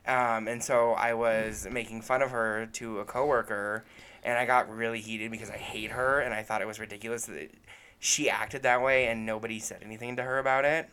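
A man's voice: medium pitch, flat delivery, fairly quick, bright, forceful tone, clean tone. A man co-hosting a podcast in casual chat, telling profane, heated stories with many fillers. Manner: profane, heated storytelling, often trails off with fillers. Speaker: podcast co-host.

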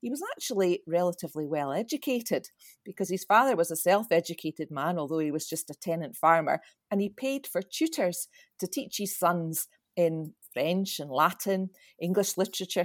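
A woman's voice: lowish voice, animated, normal speed, no room sound, clean studio sound. A Scottish woman explaining things at length in a casual chat, a bit like a lecture.

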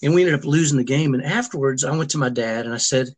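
A middle-aged man, appearing as an interview guest, shares a personal family story in a mid-range voice with a breathy edge. He sounds earnest and emotional, speaking haltingly and frequently restarting his sentences.

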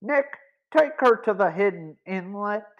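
A man's voice: high voice, animated, unhurried, lo-fi sound. A man doing a bossy bandit. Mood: commanding.

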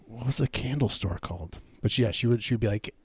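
A man co-hosting a radio show, chatting casually with dry humor and lots of halting restarts. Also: mid-range voice, slightly rough, dry recording. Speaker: co-host. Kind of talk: casual comedic radio chat.

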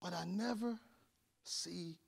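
A man pastor preaching with animated storytelling, repeating words in bursts and building to loud shouts. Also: high voice, takes it slowly, gravelly, husky. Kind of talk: sermon.

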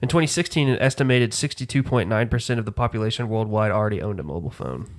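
Man, co-host, fast casual talk, reads stats aloud, chatty. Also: fairly low pitch. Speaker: podcast co-host. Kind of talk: casual chat.

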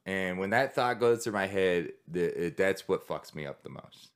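A man's voice: deep voice, animated, moderate pace, smooth. A man who is a military veteran, talking candidly in a casual podcast conversation, rambling with many restarts and swearing.

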